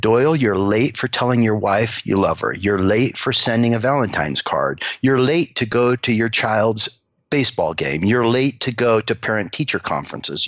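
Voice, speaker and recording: As a guest, a CEO spins animated stories from work, performing the dialogue he quotes. His pitch is medium, and the lo-fi audio sounds dull and dry, without echo.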